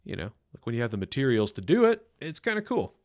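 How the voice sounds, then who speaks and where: A man of medium pitch streams his gameplay with huge swings in pitch and a quick pace, with background noise and faint game music in the mix. His live commentary is rambling and thought-out-loud, heavy on fillers and friendly, self-deprecating remarks to the audience.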